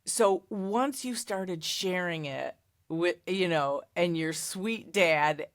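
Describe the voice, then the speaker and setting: A woman hosting an interview, asking affirming, gentle questions. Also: on the low side, takes it slowly, dry recording, studio quality. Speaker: interviewer, host.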